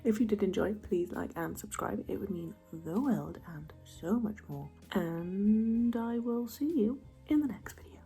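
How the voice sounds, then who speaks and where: A young woman chatting casually through a makeup routine, soft and often half-whispered, chatty and self-mocking. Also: mid-range voice, lively intonation, unhurried, vocal fry, few pauses, faint music behind. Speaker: beauty vlogger.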